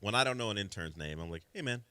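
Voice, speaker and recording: A man's voice: on the low side, expressive, fast, bright, forceful tone, clear, resonant tone, no echo, clean studio sound. A man co-hosting sports radio, teasing and needling his guest in casual banter. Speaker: radio co-host.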